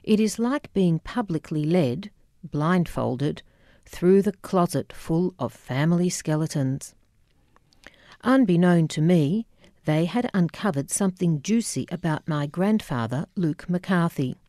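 A woman reading her audiobook memoir in a wry, measured, reflective way. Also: lowish voice, expressive, dark tone, no echo, studio quality. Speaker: memoir narrator.

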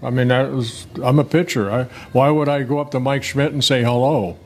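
A man's voice: medium pitch, steady tone, fairly quick. An older man in an interview, telling rambling, folksy stories with many restarts. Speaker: guest, former pitcher. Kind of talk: relaxed interview storytelling.

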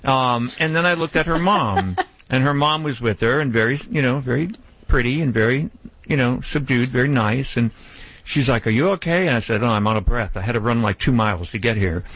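A man hosting a pet call-in radio show, telling stories in a chatty, animated way. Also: mid-range voice, a little fast, no room sound, rough recording. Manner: storytelling, chatty, animated retelling. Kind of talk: casual radio chat.

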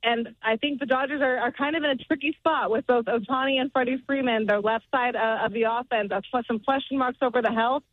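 A woman reporter giving measured, analytical answers in a radio interview over a phone line. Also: on the high side, steady tone, no echo. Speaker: baseball reporter.

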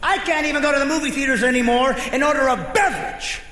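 A male stand-up comedian doing his routine with exasperated, animated ranting. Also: very high-pitched, quick pace. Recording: echoey hall with faint crowd.

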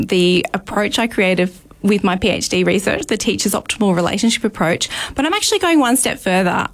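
A middle-aged woman, a play therapist, talks with enthusiasm as a guest in a radio interview and fills her talk with ums. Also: mid-range voice. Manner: enthusiastic, uses many ums.

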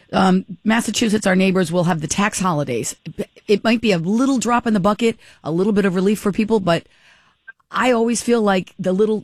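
A man pressing a political candidate with quick follow-up questions. His voice is high for a man. The recording is dry and close. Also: no echo. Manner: pressing, conversational. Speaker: radio host interviewing. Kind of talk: pointed interview questions.

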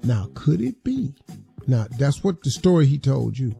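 A man hosting a talk radio show, telling a story in an animated, emphatic way. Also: medium pitch, moderate pace, creaky, faint music behind.

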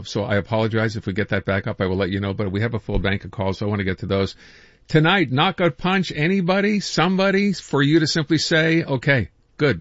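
A man hosting a call-in radio show, brisk and conversational as he moves between callers. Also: medium pitch, fairly bright tone, no room sound, muffled recording. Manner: brisk, conversational, takes calls quickly.

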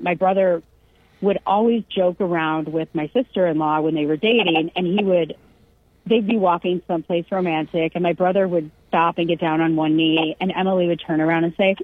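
A woman with a slightly low, husky voice tells a family story in easygoing conversation, slipping into the voices of the people she quotes. The sound is dry and tinny, like a phone line. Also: normal speed, no echo. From California. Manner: animated anecdote-telling, acts out quotes. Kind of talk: casual chat.

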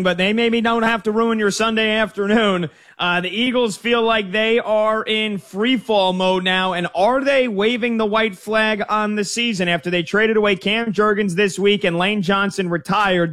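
A man with a notably high voice hosts a sports talk radio show. He moves things along briskly and upbeat, calling his callers "man" and "brother.". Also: fairly bright tone.

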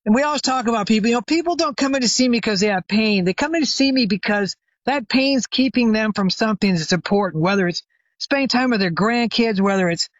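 An older man, a retired chiropractor appearing as a guest expert, tells a long anecdote during a conversational interview, full of fillers and restarts. His voice is high and he speaks fast, in audio with no echo and the highs cut off.

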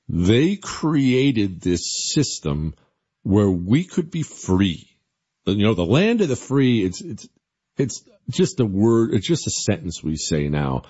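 A man's voice: lowish voice, dark tone, husky, muffled recording. A man hosting a talk radio show, delivering an opinionated, sarcastic monologue. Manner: sarcastic, mocking.

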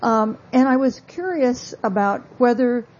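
A woman author giving a talk about her book, telling stories in a measured, wry way with asides. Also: a little high, lively intonation, darkish tone, muffled recording. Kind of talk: lecture-style talk.

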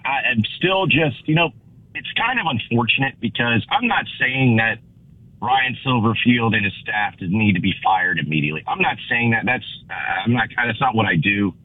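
A husky, slightly hoarse man talks sports over a tinny phone line, and the sound is dry and close. He is blunt and exasperated, often restarting his sentences. His pitch sits in an ordinary middle range. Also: dry recording. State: hoarse, recovering from lost voice. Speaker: guest sports analyst.

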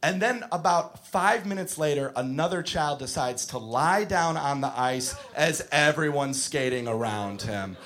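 Animated, shouting young stand-up man. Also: fairly high pitch, unhurried, few pauses. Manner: animated, shouts and yells in bursts. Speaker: stand-up comedian. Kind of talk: stand-up storytelling. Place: comedy club stage before a live crowd. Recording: live crowd audible.

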